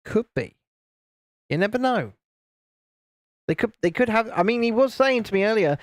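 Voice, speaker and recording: This UK man chats on a live stream as he assembles LEGO, ribbing his friends with high-pitched impressions and reading viewers' comments aloud. His speech is expressive at a moderate pace with long pauses, and there's no echo.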